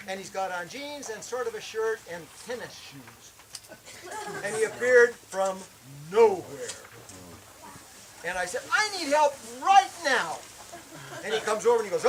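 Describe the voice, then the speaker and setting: A man telling a personal testimony as a camp worship speaker, animated, acting out the shouted lines of his story. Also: high-pitched, moderate pace, rough recording. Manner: animated, acts out shouted quotes.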